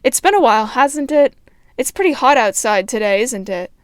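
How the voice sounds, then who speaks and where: A woman's voice: on the high side, animated, normal speed, smooth, no echo, studio quality, close to an everyday voice. A woman putting on the chirpy, overly friendly voice she uses for small talk at work, sing-song and eager. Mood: chipper.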